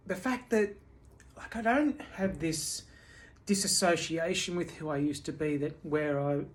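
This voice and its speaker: A tired woman speaking candidly at home in a personal video diary, halting, with many restarts and fillers. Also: lowish voice, a little mellow. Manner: candid and confessional. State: tired from sleepless nights. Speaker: vlogger.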